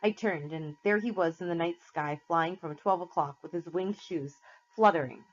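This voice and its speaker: A woman teacher reading a novel aloud to her class in a steady, plain storytelling way. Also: lowish voice, moderate pace, a little hiss or hum. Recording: slightly muffled lo-fi recording.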